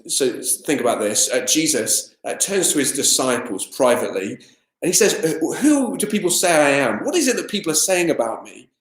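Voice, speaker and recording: A man preaching a sermon as assistant minister, in a conversational style full of fillers and lively asides. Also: on the high side, moderate pace. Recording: echoey room.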